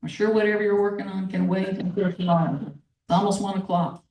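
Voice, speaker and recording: A man's voice: high voice, level tone, fairly quick, vocal fry, a little mellow. A woman reading aloud the lines of a young man who is heir to an insurance agency, in a plain storytelling voice. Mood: offhand. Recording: echoey room, from far off.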